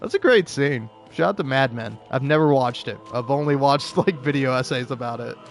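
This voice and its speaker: A man with a medium-pitched, animated, slightly fast voice, with soft music in the background. He makes gaming videos, giving rambling commentary that's sarcastic and profane, full of restarts and frequent laughs between points.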